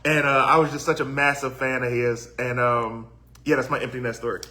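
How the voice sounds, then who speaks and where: A man's voice: mid-range voice, level tone, a little fast, pushed and bright, a little hiss or hum. A man in his thirties from Detroit with a country twang, co-hosting a podcast in a laid-back, storytelling way. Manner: laid-back, storytelling, reads comments aloud. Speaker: podcast co-host. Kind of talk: casual chat, reading viewer comments.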